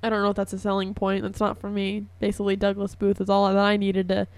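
A young woman hosting a college radio show in a chatty, gushing way, her voice hoarse and coughing. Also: medium pitch, monotone, quick pace, no room sound. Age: young adult. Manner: chatty and gushing, filler-heavy. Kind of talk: casual radio chat. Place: radio studio.

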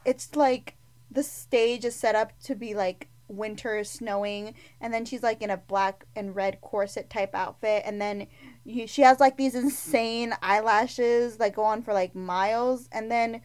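A woman's voice: on the high side, a little slow, smooth. Gushing woman podcast co-host. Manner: gushing and animated, many "like" fillers. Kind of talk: casual film review chat.

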